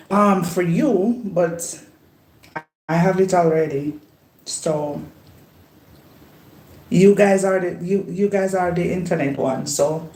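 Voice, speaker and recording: Slow-talking woman in an echoey kitchen. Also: lowish voice, warm tone. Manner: unhurried, laughs often, self-affirming. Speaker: vlogger. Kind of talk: casual chat while cooking. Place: home kitchen. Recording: roomy echo.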